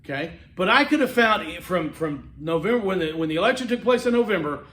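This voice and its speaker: A man's voice: sits high, lively intonation, fast, a bit bright, echoey room. A man teaching a college class, talking conversationally and rambling, with frequent fillers and restarts. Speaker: college instructor. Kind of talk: classroom lecture.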